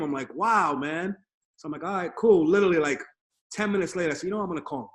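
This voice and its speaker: A man hosting a remote podcast interview, telling lively stories and acting out other people's lines. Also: a little high, quick pace. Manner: animated storyteller, acts out quoted voices. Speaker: podcast host. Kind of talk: casual remote interview chat. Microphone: video call.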